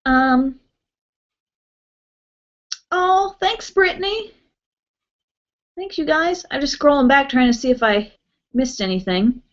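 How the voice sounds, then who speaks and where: A chatty young woman hosts a live beauty stream from home, her fairly high voice bubbling with giggles as she greets viewers. The audio is muffled and lo-fi, like a webcam mic. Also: slow, long pauses. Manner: chatty, giggly, reacts brightly to viewer names. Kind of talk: casual live-stream chat, reading viewer comments.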